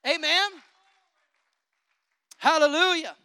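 This animated preacher keeps a normal speed as he preaches passionately, asking for amens along the way. His delivery swings from booming declarations to low, chatty asides, with no echo present.

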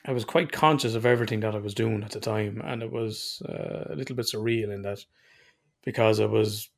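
A man's voice: lowish voice, a little fast, gravelly. An Irish man telling rambling stories in casual podcast chat and swearing freely. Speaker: podcast co-host.

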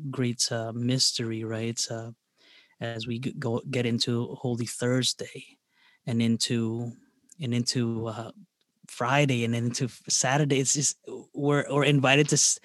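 A man hosting a faith podcast, earnest and reflective, pausing often on fillers as he speaks. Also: medium pitch, level tone, no room sound, studio quality. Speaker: podcast host.

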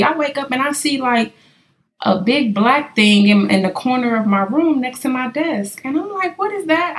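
A woman from California hosting a casual podcast, talking straight to her listeners as she tells stories. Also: on the high side. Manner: chatty storyteller addressing listeners directly. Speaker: podcast host.

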